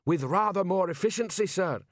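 A man reads as a huge troll sergeant from a storybook, blunt and dutiful, his voice pushed well above the narrator's own and a little louder. The sound is close and dry, with no room around it. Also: high voice, lively intonation, moderate pace, no echo, voice pushed up. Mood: eager.

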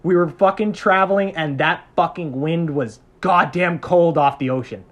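A man's voice: a little high, normal speed. A man telling a story as a podcast guest, casual and heavy on swearing, laughing often.

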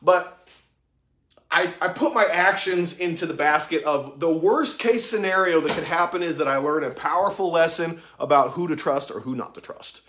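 A man giving a casual monologue about mentorship, profane and excitable, full of slang, acting out conversations he quotes. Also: a little high, normal speed. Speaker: tattoo artist talking about mentorship.

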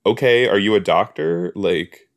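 A man's voice: low-pitched, measured pace. A man hosting a podcast, giving casual solo reactions while he watches a TV episode. He chats, laughs at his own jokes and tosses out rhetorical asides.

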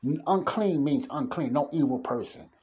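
Husky preacher man explaining scripture. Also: a little high, normal speed, dark tone. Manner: reads scripture aloud, then explains in everyday speech; emphatic bursts and sudden exclamations. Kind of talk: informal Bible teaching.

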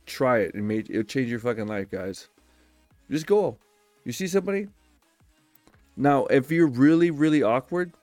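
A young man hosts his own podcast, delivering profane, blunt advice in a casual solo monologue and acting out quick quoted exchanges. His voice is medium-pitched and a little mellow, with no room sound.

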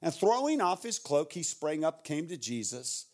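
This American guest pastor's sermon is very animated, his voice fairly high at a moderate pace. He shouts out the voices of characters in the story, then lowers to a hushed tone for prayer.

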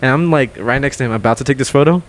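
A man's voice: medium pitch, racing. Young man telling a story, swearing. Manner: animated, swears a lot, acts out quotes loudly. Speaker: podcast co-host. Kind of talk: casual storytelling chat.

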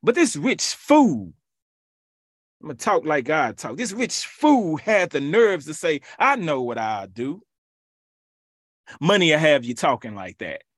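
Emphatic preacher man, lively pitch. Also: unhurried, pauses often, dry recording, studio quality. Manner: emphatic, repetitive preaching with rhetorical questions. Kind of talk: sermon.

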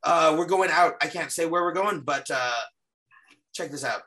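A man's voice: a little high, normal speed, pushed and bright. A man who investigates the paranormal, talking through his case footage on a podcast in an earnest, casual way, with a lot of restarts. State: slightly losing his voice.

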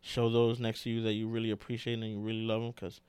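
A man co-hosting a casual podcast, talking in an animated, slangy way and saying "bro" a lot. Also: on the low side, fast, smooth, dry recording. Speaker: podcast co-host.

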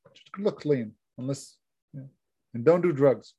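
A man's voice: medium pitch, unhurried, warm tone, breathy edge. Chatty male podcast co-host giving advice.

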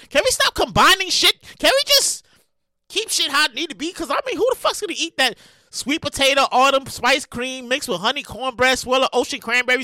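Animated, exasperated podcast host woman. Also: sits high, no echo. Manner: loud, exasperated and animated, with profanity and repeated phrases. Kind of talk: comedic news commentary.

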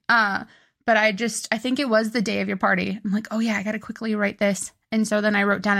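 A woman's voice: mid-range voice, gravelly, fairly bright tone. A young woman co-hosting a podcast in casual chat, rambling and correcting herself as she recalls events. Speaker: podcast co-host.

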